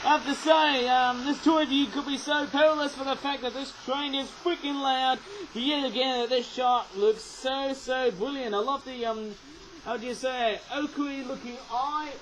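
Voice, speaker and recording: A man's voice: very high-pitched, steady tone, normal speed, a bit bright, low-quality recording. A man chatting through a casual toy review, rambling on and tagging his sentences with "eh?". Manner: rambling, chatty, tags lines with "eh?"; raising his voice over train noise. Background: toy train running.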